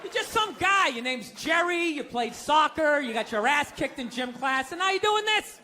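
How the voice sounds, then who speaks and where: A man doing a stand-up comedy set, ranting profanely and shouting his punchlines with incredulous disbelief. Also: extremely high pitch, expressive, moderate pace. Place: comedy club stage with audience. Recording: live stand-up with crowd noise. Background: audience laughter.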